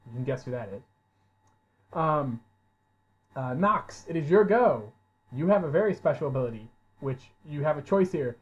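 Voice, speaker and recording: Male game master, tabletop session, higher-pitched voice, excitable and sweary, muffled low-fi recording. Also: normal speed, long pauses. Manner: excitable, swears when surprised. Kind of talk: running a tabletop game over voice chat. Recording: dull lo-fi audio.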